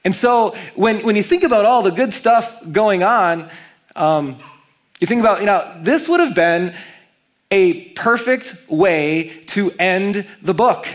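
Pastor guy preaching in church, bit high voice, gets really animated on the big points. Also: slow pace. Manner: animated preaching, reads scripture aloud with rising emphasis. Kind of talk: sermon.

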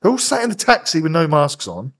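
English man, thirties, rapid-fire, slightly high voice, constant swearing, casual podcast storytelling. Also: huge pitch swings. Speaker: podcast guest.

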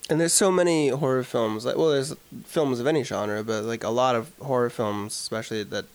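A man with a mid-range voice talks a little fast while co-hosting a casual film podcast. He discusses movies earnestly and often pauses to search for words.

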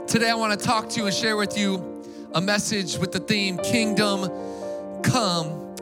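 A man preaching an Easter sermon to a congregation, energetic and casual, with call-and-response. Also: high-pitched, measured pace, loud music behind the voice. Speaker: pastor.

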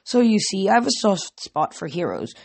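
A young man reading aloud, putting on a smooth, courteous voice for a tall male Titan in a storybook. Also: high voice, sing-song, moderate pace, full character voice.

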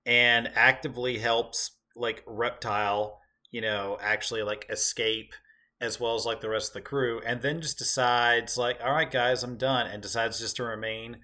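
A man's voice: mid-range voice, bright, forceful tone. A man co-hosting a podcast, chatting casually and enthusiastically, with lots of filler words. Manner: enthusiastic, rambling with many "like" fillers. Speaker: podcast co-host. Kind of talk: casual chat.

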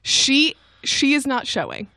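A woman from Kentucky co-hosting a casual podcast, animated and laughing often. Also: sits high, measured pace, no echo, studio quality. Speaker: podcast co-host. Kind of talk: casual chat.

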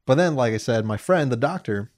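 A man's voice: medium pitch, expressive, fairly quick, a little mellow, no echo, clean studio sound. A young man co-hosting a podcast, telling stories in a laid-back way and laughing often. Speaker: podcast co-host. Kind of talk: casual chat.

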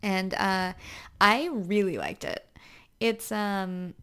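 A young woman co-hosts a podcast in casual chat, tired and chatty, with plenty of fillers and giggles. Her voice sits at an ordinary middle pitch for a woman. The delivery is loose and friendly. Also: fairly even intonation, slow, fairly bright tone, clear, resonant tone. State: overtired. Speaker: podcast co-host.

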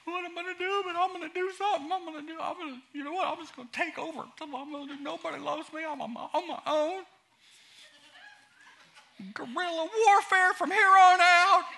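A man's voice: very high-pitched, steady tone, a little fast, gravelly, sharp tone, slight background noise, voice pushed up, exaggerated voice. A man voicing a whiny, self-pitying grown man who casts himself as the victim and wails his complaints. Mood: sulky defiance. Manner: whining, wailing complaints.

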